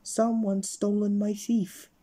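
A man voicing a flustered, muddled gentleman who mixes up his words, in a children's storybook reading. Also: high-pitched, flat delivery, husky, voice pushed up, heavily acted. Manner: flustered, slow and mixed-up.

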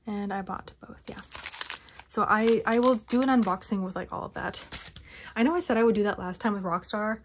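A young woman vlogging a haul of collector albums, chatting casually and gushing like an excited fan with whispered asides. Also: mid-range voice, fairly quick, a little hiss or hum. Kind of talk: casual unboxing haul vlog.

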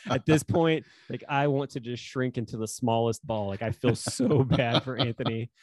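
A man's voice: medium pitch, normal speed, darkish tone, dry recording. A man co-hosting a podcast, telling a funny story in casual chat and laughing often. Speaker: podcast co-host.

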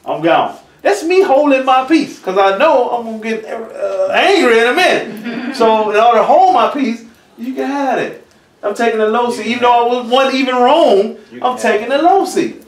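A man, a church elder, teaching a Bible lesson in a lively, conversational preaching manner. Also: very high-pitched, moderate pace. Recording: roomy echo, from far off the mic.

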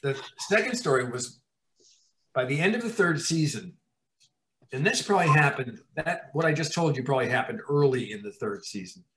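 A man, a TV writer-producer, telling profane, animated stories in an interview and acting out scenes. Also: medium pitch, normal speed. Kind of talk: anecdotal storytelling in an interview. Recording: roomy echo.

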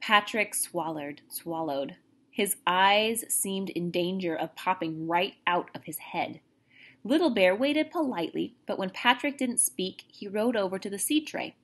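A teacher reads a children's chapter book aloud, her narration expressive and lively. She is a woman with a steady, middling voice, pacing the story for young listeners. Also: mid-range voice, unhurried.

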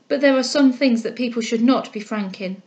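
Woman reader as a gentle, composed young heiress, measured and reassuring, lo-fi sound. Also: fairly high pitch, lightly acted. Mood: gentle, earnest.

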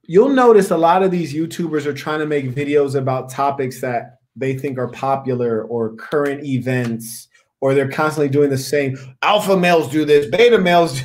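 A man's voice: fairly high pitch, normal speed, darkish tone. Emphatic, preachy man hosting a talk. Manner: emphatic and preachy, repeating key words. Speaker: podcast host. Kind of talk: opinionated discussion.

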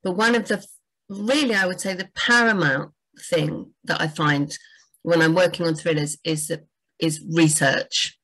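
A woman's voice: fairly low pitch, a little slow, a bit bright, poor audio. A woman, a book doctor, giving enthusiastic, chatty writing advice on a livestream. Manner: enthusiastic, chatty, frequent fillers.

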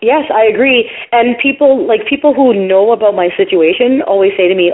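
A woman's voice: a little high, fairly quick, hardly any pauses. A woman telling a long story in casual podcast chat, acting out the people she quotes. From Canada. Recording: tinny phone-line audio.

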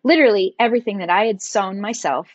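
A middle-aged woman, a guest on a podcast, recounts her story with animated warmth at a middling pitch. Her voice is recorded close and dry, with no room sound. She slips into the voices of the people she quotes as she goes. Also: fast talker, dry recording, muffled recording. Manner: animated, acts out quoted dialogue in her stories. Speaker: podcast guest, entrepreneur and designer. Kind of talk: storytelling interview conversation.

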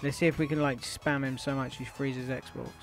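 A man's voice: medium pitch, little pitch movement, moderate pace, soft background music. A young British man hosting gaming commentary. He is brash, swears a lot and trash-talks his online opponent. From Britain. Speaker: gaming YouTuber host.

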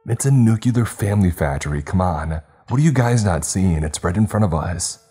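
A man's voice: rumbling low, moderate pace, mellow, slightly rough, faint music behind. A man voicing a teenage boy leading his classmates, speaking in an insistent, raised voice. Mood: exasperated. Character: urgent teenage boy leader rallying classmates.

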